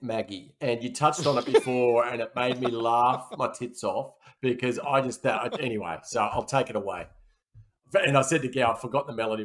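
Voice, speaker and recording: Aussie guy on a movie podcast, rambly chat, keeps correcting himself mid-sentence. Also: medium pitch. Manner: rambling, self-correcting banter. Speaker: podcast co-host. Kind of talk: casual chat.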